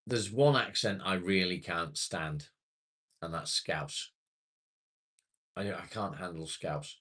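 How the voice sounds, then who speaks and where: A British man from England, speaking slowly in a deep, husky, slightly bright voice, chats casually to viewers on a livestream. He rambles and swears now and then.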